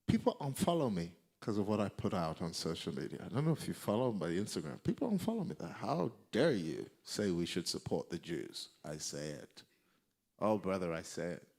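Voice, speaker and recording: A male preacher delivering a sermon, emphatic and repeating key lines for effect, with a gravelly voice. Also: low-pitched, sing-song, normal speed, a little mellow.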